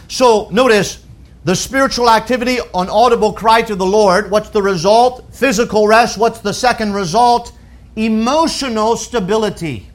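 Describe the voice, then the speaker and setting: A male pastor preaching a sermon, slowing down to quote scripture and swinging between loud emphatic peaks and quiet, low passages. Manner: emphatic preaching that rises to shouts and drops to soft lows; quotes scripture in a slow, deliberate voice.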